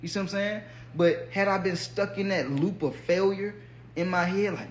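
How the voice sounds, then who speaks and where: A man's voice: high-pitched, steady tone, moderate pace. A man hosts a podcast, giving a blunt, profane, colloquial motivational monologue as a fitness coach. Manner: blunt, profane, colloquial, acts out inner voices. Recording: roomy echo with faint hum.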